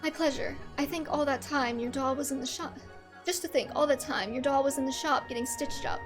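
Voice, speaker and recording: Woman voicing calm male ninja, game scene, courteous, soft. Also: sits high, brisk, faint music behind, close to an everyday voice.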